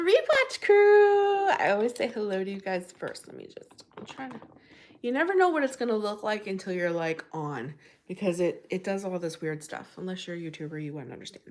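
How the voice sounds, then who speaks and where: A woman's voice: mid-range voice, fairly bright tone. A woman hosting a casual livestream, chatting and greeting viewers by name in a bubbly way. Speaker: livestream host.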